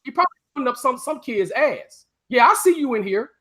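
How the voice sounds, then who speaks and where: A man's voice: extremely high pitch, animated, a little fast, fairly bright tone. A man on a casual live stream, ranting profanely and taunting a viewer.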